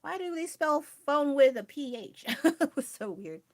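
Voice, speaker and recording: A woman's voice: high voice, expressive, unhurried, no room sound, studio quality. A woman chatting casually on a drawing livestream, rambling and restarting her sentences and laughing often. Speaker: art streamer.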